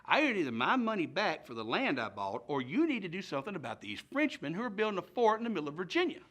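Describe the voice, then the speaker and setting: A man's voice: sits high, wildly swooping pitch, fast talker, a bit bright, full character voice. A man doing an indignant young colonial landowner.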